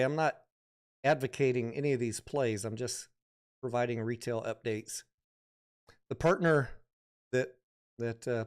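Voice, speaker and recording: A middle-aged man casually commenting on stocks during a livestream, thinking out loud and reading viewer comments aloud. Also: medium pitch. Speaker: stock market livestream host.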